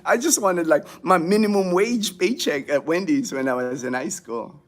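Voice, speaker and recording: There's slight background noise as a man hosts a casual livestream from his home in the Philippines, talking with viewers and going through their comments. His voice leans high and keeps a moderate pace, and his rambling is peppered with fillers and restarts.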